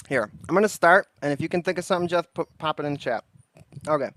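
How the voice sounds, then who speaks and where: A man's voice: a little high, brisk, long pauses. A man hosting a casual livestream, reading text aloud and chatting loosely with his viewers. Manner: reads lists flatly, then chats loosely with viewers. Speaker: livestream host.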